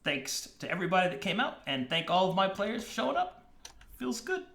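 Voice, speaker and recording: Bright, lively male game master. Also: high-pitched, brisk, gravelly, echoey room. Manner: laughing, animated, swearing banter. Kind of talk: casual stream outro chat.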